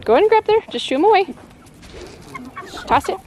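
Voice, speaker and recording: Recorded outdoors on camera with clear farm noise and clucking chickens, this homestead vlogger patiently teaches her young son to feed the birds through short, repeated, casual instructions. Her voice is very high and animated, and she talks fairly quickly.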